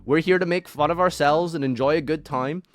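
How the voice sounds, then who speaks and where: A man's voice: fairly high pitch, a little fast, soft background music. A man with a Scottish accent reacting to criticism of himself in casual commentary, sarcastic and exasperated, swinging into mock outrage. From Scotland.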